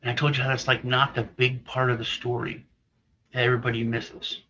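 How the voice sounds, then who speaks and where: A man's voice: mid-range voice, level tone, brisk, bright, forceful tone. Rambling man telling a story. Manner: rambling storyteller, acts out quoted voices. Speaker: co-host. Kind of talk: casual chat. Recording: slightly dull lo-fi audio.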